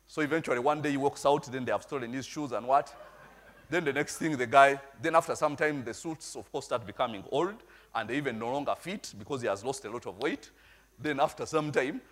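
A man's voice: mid-range voice, husky. A middle-aged man, preaching a storytelling sermon and checking in with his congregation. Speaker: pastor.

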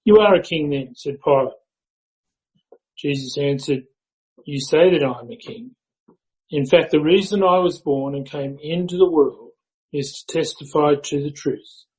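A man reading a Bible passage aloud to a church in a measured, even way. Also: a little high, poor audio. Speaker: scripture reader.

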